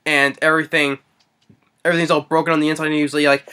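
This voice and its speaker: A man with a fairly high, bright, forward voice recaps a horror film in loose, casual speech. He stumbles and restarts often and leans on filler words while he talks. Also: little pitch movement, quick pace, smooth. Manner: rambling, hesitant, heavy on fillers. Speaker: movie reviewer. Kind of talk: casual spoken movie recap.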